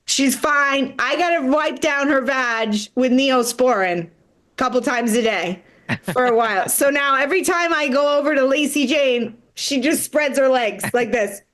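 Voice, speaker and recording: A woman comedian on a live stream, telling an animated, profane story and laughing as she goes. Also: high voice, moderate pace.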